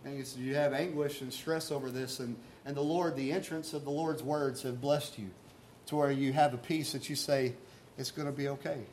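A man's voice: medium pitch, steady tone, normal speed, darkish tone, a little hiss or hum. A man preaching a sermon as pastor, talking earnestly and conversationally and asking his listeners rhetorical questions.

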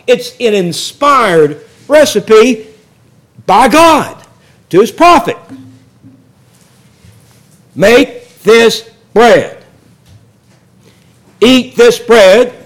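A man preaching a sermon in a folksy, joking storytelling way that builds into loud excitement. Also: sits high. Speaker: pastor.

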